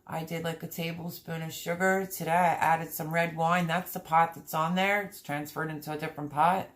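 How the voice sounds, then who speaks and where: A woman's voice: deep voice, level tone, moderate pace. A middle-aged woman hosting a homestead livestream, reading viewer comments aloud in a chatty, heartfelt way from her home. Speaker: homesteading channel host reading live chat. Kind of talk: casual livestream chat. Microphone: streaming setup.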